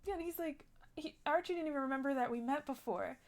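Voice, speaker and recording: A woman's voice: high voice, fast, a little mellow. A young woman telling a rambling, shaken story in character during a role-play game, full of "like" and restarts.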